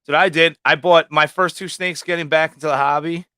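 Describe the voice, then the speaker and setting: A man's voice: fairly high pitch, steady tone, a little fast, clean tone, no room sound, clean studio sound. A man chatting casually on a livestream about breeding snakes, swearing freely and acting out what he and his snakes said. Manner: profane storyteller, acts out quotes loudly. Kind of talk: casual chat.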